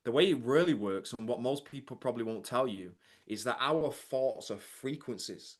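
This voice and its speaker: A man's voice: mid-range voice, lively intonation, normal speed. A man giving a motivational coaching talk to a live chat, emphatic and often asking the audience "right?". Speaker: mindset and business coach.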